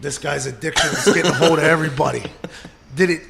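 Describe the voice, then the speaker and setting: Male show host with a gravelly voice, animated storyteller, live crowd in the background. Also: a little high, quick pace. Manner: animated storyteller, acts out quoted calls. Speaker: podcast host. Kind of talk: casual chat. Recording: live audience crowd behind.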